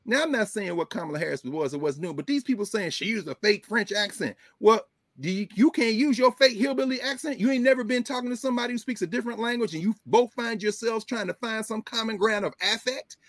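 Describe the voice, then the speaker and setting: A man's voice: sits high, fast talker, a bit bright, no echo, clean studio sound. A man hosting casual political commentary, talking emphatically with folksy asides.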